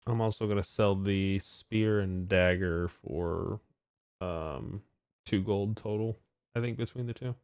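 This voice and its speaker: A man's voice: lowish voice, fairly even intonation, a little slow, darkish tone, clean tone, dry recording. A man playing a tabletop game, practical and working out trades aloud. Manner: practical, works things out aloud. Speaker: player.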